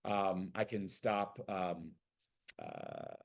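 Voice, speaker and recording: A man talking casually about passion, acting out the voices of the people in his stories with lively energy. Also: low voice, drawn-out words, vocal fry. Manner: animated storyteller acting out quoted people. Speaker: guest speaker on passion. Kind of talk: casual talk.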